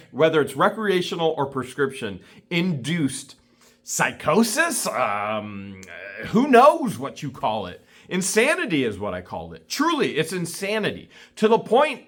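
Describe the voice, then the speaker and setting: A man's voice: fairly high pitch, fairly bright tone. A man vlogging an indignant, scornful rant to camera, repeating himself for emphasis. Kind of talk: ranting commentary to camera.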